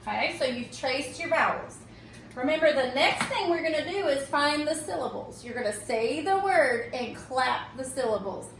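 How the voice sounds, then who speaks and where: High-voiced lady teacher going slow over phonics, sounds a bit far from the mic, roomy echo. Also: lively intonation, a bit bright, a little hiss or hum. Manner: slow and patient, checks in with "okay?". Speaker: reading teacher. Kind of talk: recorded phonics tutorial. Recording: echoey room, mic at a distance.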